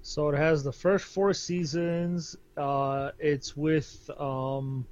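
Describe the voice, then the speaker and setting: A man's voice: a little high, fairly even intonation, slow pace, a little mellow, highs cut off. A man co-hosting a podcast, chatting casually and laughing often. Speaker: podcast co-host. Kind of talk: casual chat.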